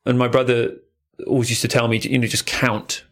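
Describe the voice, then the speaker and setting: A man co-hosting a casual surf podcast, telling stories in a lively, jokey way and swearing freely. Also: mid-range voice, a little fast. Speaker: podcast co-host. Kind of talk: casual chat.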